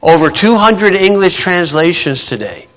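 A male preacher with a high, bright voice delivers a plain-spoken sermon, full of sarcastic asides and mock-voiced quotes. His voice rings out with a long reverb through a large hall. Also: sing-song, moderate pace.

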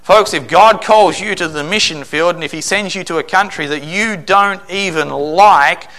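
A man's voice: a little high, bright, forceful tone. A man preaching a sermon, emphatic, acting out quoted voices. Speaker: pastor.

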